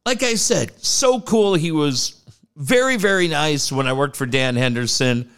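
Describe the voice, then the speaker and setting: A man's voice: measured pace, smooth. A man co-hosting a podcast, chatting casually and profanely, often mimicking people. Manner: animated, profane, mimics people with big pitch jumps. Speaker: podcast co-host.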